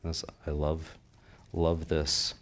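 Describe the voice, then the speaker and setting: A man's voice: rumbling low, monotone, slow pace. A man giving a live floral design demonstration to an audience, chatty and enthusiastic, often asking them questions. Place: convention stage before an audience.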